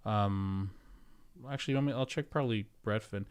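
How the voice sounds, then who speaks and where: An American real estate agent hosts a casual livestream from home, rambling along and reading viewer comments aloud as they come in. His voice is fairly low and clean, delivered at a moderate pace.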